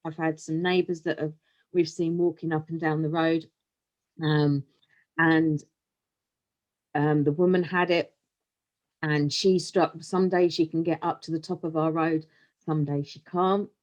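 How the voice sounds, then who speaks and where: A woman's voice: low voice, level tone, unhurried, pauses often, a little mellow, highs cut off. A woman co-hosting a podcast, asking reflective questions and offering support in a casual chat. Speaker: podcast co-host.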